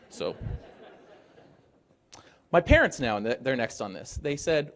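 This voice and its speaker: A man's voice: medium pitch, moderate pace, pauses often. A man from Arizona gives a conference presentation in an upbeat, joking, emphatic way. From Arizona, United States. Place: conference hall stage.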